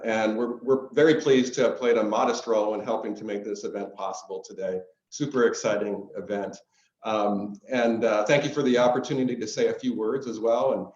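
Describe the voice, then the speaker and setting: A foundation executive giving polite, brisk welcome remarks at a pitch event. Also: male voice, a little mellow. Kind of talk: conference welcome speech. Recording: roomy muffled audio.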